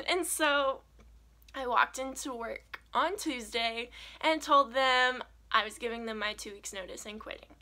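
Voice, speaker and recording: A young woman telling a personal faith story as a vlogger, earnest and animated, with lots of "like". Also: high-pitched, unhurried. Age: young adult. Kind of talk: personal testimony.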